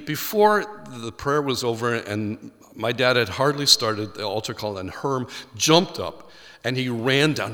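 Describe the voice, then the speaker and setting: A man's voice: medium pitch, pushed and bright, long reverb tail. A man from Ireland with an Irish accent, a pastor telling a personal story in a sermon and acting out the voices he quotes.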